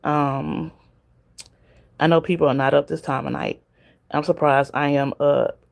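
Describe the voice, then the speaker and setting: Gravelly Southern woman venting on a livestream. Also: low voice, fairly even intonation, a little slow. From Southern United States. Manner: chatty, talks straight to viewers in the chat, laughs often. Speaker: livestream host. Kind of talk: casual venting livestream chat.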